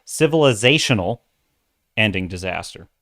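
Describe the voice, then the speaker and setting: A man's voice: lowish voice, expressive, moderate pace, fairly bright tone. A middle-aged man hosting a livestream, giving opinionated, ranting commentary and reading viewer chat aloud. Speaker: livestream host.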